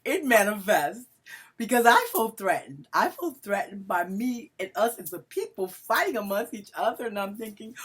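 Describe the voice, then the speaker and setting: Talking straight to the camera at normal speed, this woman has a medium-pitched, slightly rough voice that swings widely in pitch. Her casual, emotional vlog monologue addresses followers as family, and she labels herself melodramatic.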